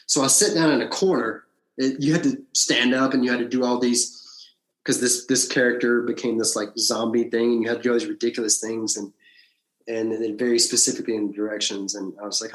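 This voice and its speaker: A man's voice: mid-range voice, fairly quick. Blunt, swearing man telling a story. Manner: blunt, swears freely, animated retelling. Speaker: actor, podcast guest. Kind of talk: casual storytelling interview. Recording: roomy echo.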